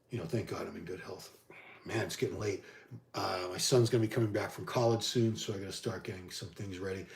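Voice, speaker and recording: A man's voice: lowish voice, darkish tone, roomy sound. A middle-aged man hosting a casual live stream from home, reading out viewers' questions and answering them conversationally. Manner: conversational, answers chat questions one by one, frequent restarts.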